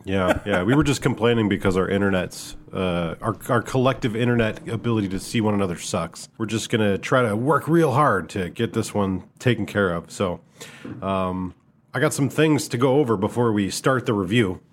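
A man co-hosting a podcast with a Midwestern American accent, talking in a relaxed, rambling, self-deprecating way. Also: fairly low pitch, normal speed. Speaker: podcast co-host. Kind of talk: casual chat.

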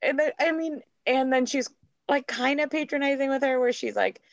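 A woman co-hosting a casual chat, laughing often and reacting quickly. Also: high voice, creaky, lo-fi sound. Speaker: podcast co-host.

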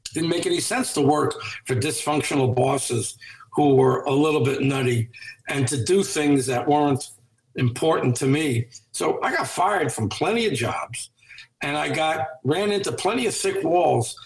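A man's voice: a little high, normal speed, echoey room, rough recording. A man speaking as a guest in an interview, giving earnest, motivational advice with a coaching tone.

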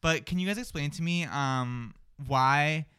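A man's voice: on the high side, measured pace, sharp tone, smooth, no echo. Guy running morning radio, bossy and fed up, dry mic. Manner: bossy, exasperated teasing. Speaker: radio show host. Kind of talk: casual morning radio banter.

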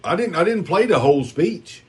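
A man's voice: sits high, animated, moderate pace, darkish tone, slightly rough. A man hosting a podcast, arguing in a combative, sarcastic way and repeating his questions. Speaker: podcast host. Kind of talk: casual political argument.

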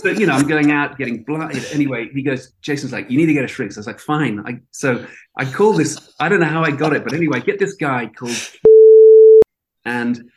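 Middle-aged man, interview guest, casual storytelling, animated, salty language. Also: mid-range voice, a little fast. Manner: animated anecdote-telling with swearing and loud outbursts.

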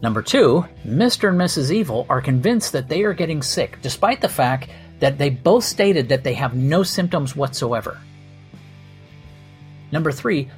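A man hosting a podcast, telling a comic story in a wry, sardonic and profane way. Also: fairly high pitch. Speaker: podcast host. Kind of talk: comedic storytelling monologue.

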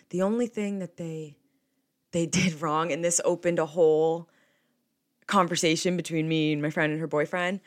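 A young woman, hosting a podcast in a rambling, casual chat full of swearing. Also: deep voice. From New Jersey. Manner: chatty and rambling, with frequent swearing. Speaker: podcast host.

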